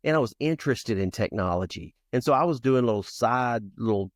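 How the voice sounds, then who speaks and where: He's in his fifties, a founder and youth coach on a podcast, speaking at medium pitch and a little fast. In this conversational storytelling interview he's earnest and lively, acting out his childhood with restarts and asides. The studio-quality recording has no echo.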